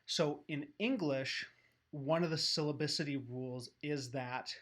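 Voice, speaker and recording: A man's voice: on the high side, a bit bright. Man explaining phonetics in a lecture. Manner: patient, methodical explaining with occasional fillers. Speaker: educator.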